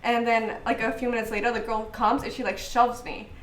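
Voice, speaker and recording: A woman's voice: a little high, flat delivery, fairly quick, distant mic. Young woman from Bolivia, off-mic. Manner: hesitant, filler-heavy recounting. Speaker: guest, student. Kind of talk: casual chat. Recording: echoey room, off-mic, faint noise.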